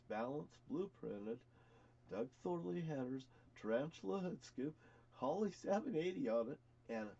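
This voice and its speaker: A man's voice: medium pitch, a little mellow, muffled recording. Rambling, profane older man telling stories. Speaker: storyteller. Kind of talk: rambling personal storytelling.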